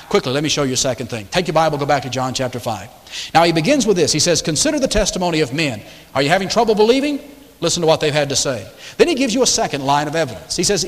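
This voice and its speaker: A male pastor preaching a sermon in a church auditorium, with rhetorical questions and emphatic repetition. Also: medium pitch. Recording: echoey large hall.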